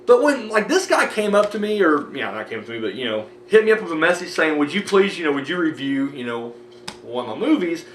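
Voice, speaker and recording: American man, rambling vlog talk, fairly high voice, roomy echo, faint background hum. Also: very animated, fast talker. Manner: rambling, many fillers and restarts. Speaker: movie review vlogger. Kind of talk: casual off-the-cuff thank-you vlog.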